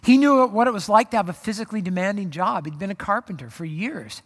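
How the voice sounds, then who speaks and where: A man's voice: high voice, animated, fast, a bit bright, long reverb tail. A man preaching a sermon in a conversational way, often acting out quoted voices. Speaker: pastor.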